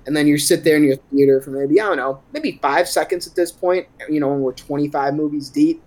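A man's voice: on the high side, fairly quick, darkish tone. A man giving a rambling, sarcastic, profane movie recap on a podcast. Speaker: podcast co-host.

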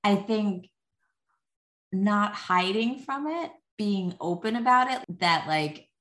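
A woman's voice: medium pitch, animated, slow, a bit bright. A middle-aged woman, a podcast guest, talking casually and chattily with many filler words and light laughs. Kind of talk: casual conversation. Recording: echoey room.

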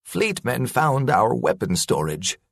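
A man voicing a raspy insectoid rebel. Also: mid-range voice, big pitch swings, slow, dry recording, clean studio sound, full character voice. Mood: grim. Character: wounded insectoid male rebel fighter.

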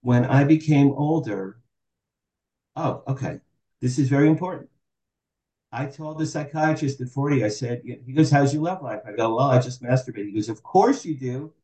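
Man in his sixties, dark and echoey. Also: mid-range voice, normal speed. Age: 60s. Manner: animated, acts out quoted dialogue. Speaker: podcast guest. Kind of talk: candid storytelling interview.

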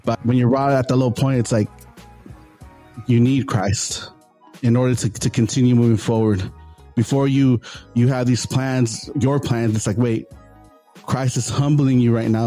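A man with a dark, mellow voice talks through his faith in an earnest, unscripted way. He often stumbles and repeats words as he goes, and faint music plays behind him. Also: medium pitch, steady tone, moderate pace, pauses often. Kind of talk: casual faith discussion.

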